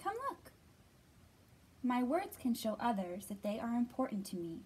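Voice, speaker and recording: A woman librarian leading a children's storytime, reading aloud in an expressive, bright manner and acting out the quoted lines. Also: a little high, normal speed, husky.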